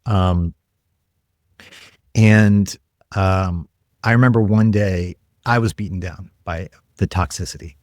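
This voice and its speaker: Earnest male podcast guest, low-pitched voice, dry close sound, energetic storytelling. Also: slow, pauses often, no room sound. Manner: energetic, earnest, acts out quoted lines. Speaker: guest, tech leader.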